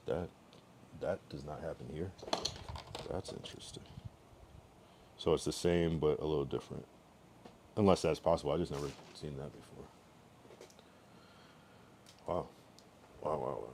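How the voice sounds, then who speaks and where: A man's voice: rumbling low, mellow, a little hiss or hum. A man streaming live, chatting casually and rambling through his thoughts with many restarts.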